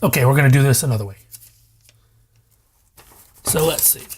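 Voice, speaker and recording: A man's voice: medium pitch, moderate pace, husky. A young man hosting a casual home cooking vlog, rambling, joking and swearing, recorded on a lavalier mic in a kitchen. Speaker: cooking vlogger. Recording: fridge hum in the background.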